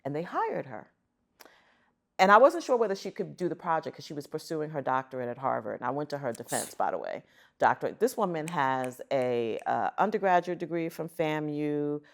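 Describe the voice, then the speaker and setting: A middle-aged woman, a guest on an interview show, telling stories in an animated, emphatic way. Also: sits low, fairly quick, vocal fry. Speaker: guest, arts center chief executive. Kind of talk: conversational storytelling.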